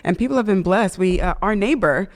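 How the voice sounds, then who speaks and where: A woman co-hosting a casual marriage podcast, chatty and quick to laugh, saying "y'all.". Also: medium pitch. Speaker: podcast co-host.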